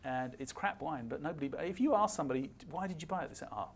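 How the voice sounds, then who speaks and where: Animated older man, gravelly. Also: on the high side, quick pace. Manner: animated, emphatic storyteller acting out dialogue. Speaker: guest speaker. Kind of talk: fireside chat.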